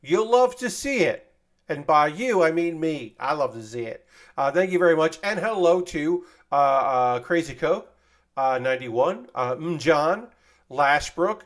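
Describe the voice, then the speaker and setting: Casting: friendly male streamer, slightly high voice, loose chatty delivery, talks to chat while building. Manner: chatty, thanks viewers by name, self-deprecating asides. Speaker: streamer building model kits. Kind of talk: casual livestream chat.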